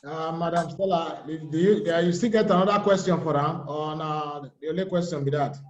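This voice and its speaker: A man's voice: a little high, moderate pace, muffled recording. A man moderating a call-in interview, politely directing who speaks when.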